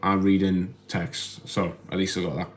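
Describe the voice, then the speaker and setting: A man's voice: sits low, level tone, normal speed. A man hosting a casual live stream into his phone at home, rambling and hesitant, often repeating words as he reads the chat. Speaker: livestream host reading chat.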